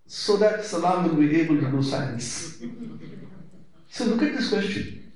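Male spiritual teacher, emphatic lecture, heavy hall echo. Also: moderate pace. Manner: emphatic, rhetorical questions, lively swings in pitch. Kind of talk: spiritual discourse. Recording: very echoey hall.

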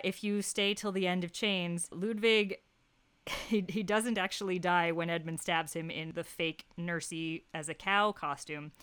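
A woman co-hosting a casual podcast chat, enthusiastic and quick to laugh as she explains at length. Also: lowish voice, a bit bright, clean tone, dry recording. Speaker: podcast co-host. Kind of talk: casual chat about a TV comedy.

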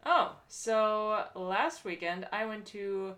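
A woman co-hosting a casual podcast, telling a story in a loose, rambling way with plenty of fillers and restarts. She laughs easily and keeps the tone chatty and relaxed. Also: mid-range voice, slow. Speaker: podcast co-host. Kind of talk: casual chat.

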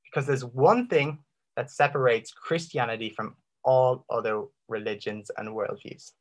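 A man giving an impassioned Christian apologetics talk, full of rhetorical questions and dramatic pauses. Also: mid-range voice. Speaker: Christian speaker.

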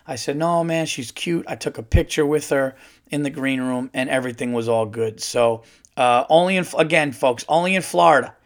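A middle-aged man, a stand-up comedian hosting his own podcast, tells a loose, animated story full of fillers. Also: medium pitch, a little fast. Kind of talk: casual solo podcast storytelling.

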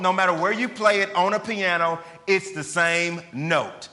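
A man's voice: sits high, brisk, few pauses, sharp tone, slight background noise. A male pastor preaching a sermon in a conversational way, often putting questions to the congregation. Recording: long reverb of a large hall.

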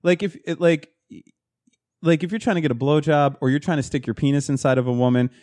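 A man's voice: on the high side, fairly even intonation, fairly quick, a little mellow. A man in crude casual podcast chat, rambling and joking about himself. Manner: rambling, joking, self-deprecating.

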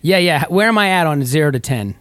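A man's voice: a little high, expressive, a little fast, fairly bright tone, no room sound. A man hosting a casual group talk, playful and laughing often. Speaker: podcast host.

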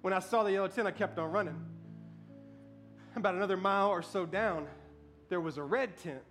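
A pastor telling a story in a sermon, building to loud, emphatic preaching and asking the congregation for amens. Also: male voice, high voice, brisk, soft background music.

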